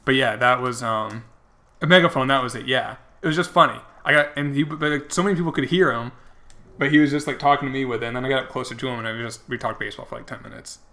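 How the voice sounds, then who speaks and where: Young guy streaming a game, bright voice, rambly and chatty with lots of ums. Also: medium pitch, quick pace. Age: young adult. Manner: rambling, filler-heavy, chatty. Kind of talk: casual commentary while gaming.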